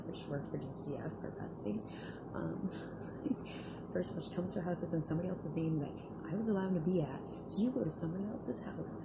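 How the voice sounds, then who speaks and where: A woman's voice: on the low side, vocal fry. A woman in an agitated personal vlog rant, swearing often and rambling with many fillers. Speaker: vlogger. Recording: noisy background.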